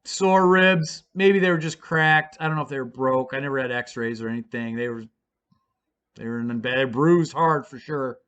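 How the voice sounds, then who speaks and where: A man's voice: mid-range voice, moderate pace, fairly bright tone, clear, resonant tone, highs cut off. A man casually telling a story, rambling and swearing freely with lots of fillers. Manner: rambling and profane, with many fillers. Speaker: storyteller vlogger.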